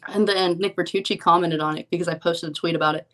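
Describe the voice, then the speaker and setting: A young woman talking casually on a podcast, her voice sitting a little low. She tells her stories in a loose, rambling way, peppered with "like" and "um". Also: fairly even intonation, fast talker, a bit bright. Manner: chatty storyteller, lots of "like" and "um". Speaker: professional poker player, podcast guest. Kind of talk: casual interview chat.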